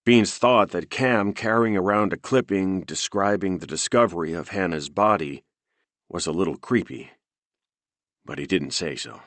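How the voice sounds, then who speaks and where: A man narrating a thriller audiobook in a steady, measured reading. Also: low-pitched, dry recording.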